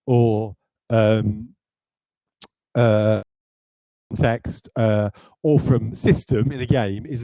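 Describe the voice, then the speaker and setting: A game designer on a livestream talks through his design ideas, rambling and putting himself down, with lots of hesitation. His voice is warm and medium in pitch. The audio is poor, though there is no room sound.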